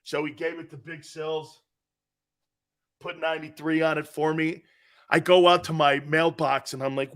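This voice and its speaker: A man's voice: on the high side, bright, forceful tone. A man hosting a sports talk show, chatting energetically, telling stories and reading viewer comments aloud. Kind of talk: casual sports talk and storytelling.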